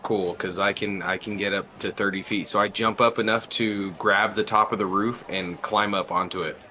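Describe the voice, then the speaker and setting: A man's voice: on the low side, steady tone, normal speed, sharp tone. A man taking part as a player, eagerly describing his moves. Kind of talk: tabletop game play.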